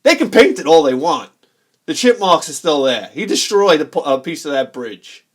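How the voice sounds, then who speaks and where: Man, forties, high-pitched, excitable, laughing, rambling collector vlog chat. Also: normal speed. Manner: rambling, excitable, laughs often, acts out quoted people. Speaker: video game collector vlogger. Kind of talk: casual storytelling while showing games.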